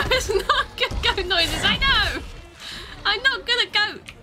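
A woman streamer giving casual gaming commentary, giggly and excitable, often breaking into shrieks. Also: extremely high pitch. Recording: noisy stream audio.

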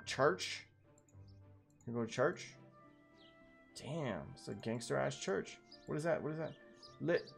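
A man with a gravelly, creaky voice jokes and swears casually as he plays through a game. His delivery is relaxed and offhand. Faint game music runs underneath. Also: medium pitch. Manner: profane, joking, laid-back. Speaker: game streamer. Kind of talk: casual gameplay commentary.

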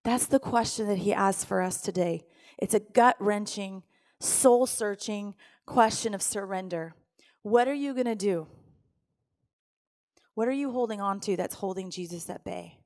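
A woman's voice: mid-range voice, unhurried, pauses often, darkish tone. A middle-aged woman pastor preaching a sermon, telling a personal story with strong emotion and acting out her own pleading prayers.

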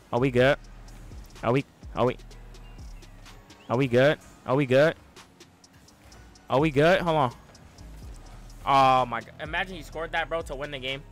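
A man narrates his own match in clipped calls, unhurried at base but breaking into sudden loud yells. His pitch sits mid-range for a man. Soft music plays faintly underneath. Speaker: gaming YouTuber. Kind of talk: live gameplay commentary.

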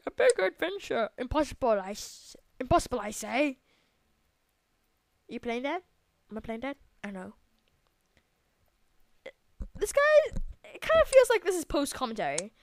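A woman commentating a video game, excitable, yelling at the game and trailing off into mumbles. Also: high voice, normal speed, creaky, pauses often, dry recording. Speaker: let's play gamer. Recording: loud background noise.

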